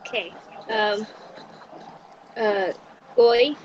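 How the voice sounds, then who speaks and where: A woman's voice: medium pitch, very slow. A woman student reading aloud in class, hesitant and unsure, with many ums. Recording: muffled recording with background noise.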